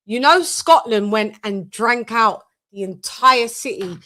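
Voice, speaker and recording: A woman hosting a casual chat show, telling lively, animated stories and swearing freely. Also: a little high, slow pace. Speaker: host.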